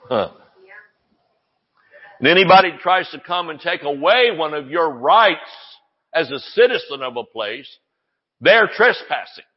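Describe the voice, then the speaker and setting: Man preaching, excitable and loud at peaks, higher voice, dull recording with a long echo in a church hall. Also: slightly rough. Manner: excitable, shouts at peaks, jokes and laughs with the congregation. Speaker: pastor. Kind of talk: sermon.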